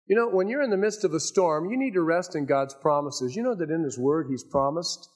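An older man preaching from the pulpit with a somewhat high-pitched voice. He drives his points with raised, emphatic phrases, then drops into quiet, confiding asides. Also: a little fast. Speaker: pastor. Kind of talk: sermon.

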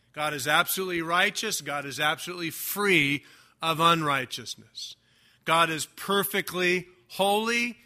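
Emphatic preacher with a bright voice. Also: male voice, on the high side. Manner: emphatic preaching, stretching key words, rising and dropping loudness. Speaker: pastor. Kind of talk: sermon.

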